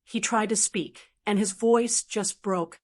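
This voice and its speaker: An older woman narrating a family story in a calm, measured voice. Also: mid-range voice.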